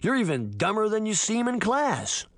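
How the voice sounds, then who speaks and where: A man's voice: sits high, wildly swooping pitch, moderate pace, no echo, voice pushed up. A man voicing a taunting boy who is half spider, mocking and sing-song. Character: taunting boy spider monster, giggling bully.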